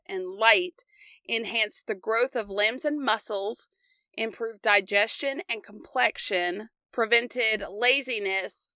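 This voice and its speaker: A young woman co-hosts a casual history podcast, reading her notes aloud and tossing in quick asides. Her voice is bright and a little high, and it is recorded close and dry with no room sound. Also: dry recording. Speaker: podcast co-host.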